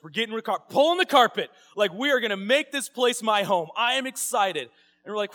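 A man preaching a sermon, telling a story with lively acted-out quotes. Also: high-pitched, fast, soft background music. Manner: animated storytelling, acting out quoted voices. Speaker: pastor.

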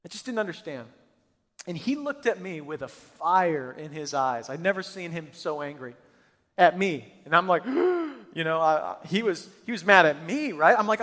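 A man's voice: sits high, very animated, moderate pace, a bit bright. A middle-aged man preaching a sermon, telling stories in an emphatic, earnest way. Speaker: pastor. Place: church auditorium with hundreds present. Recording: long reverb of a large church hall.

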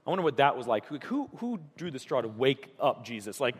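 A man's voice: mid-range voice, sing-song, brisk, slightly rough, in a large hall. A man preaching a sermon as a pastor in a casual, conversational way. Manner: conversational, acts out voices in stories. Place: church.

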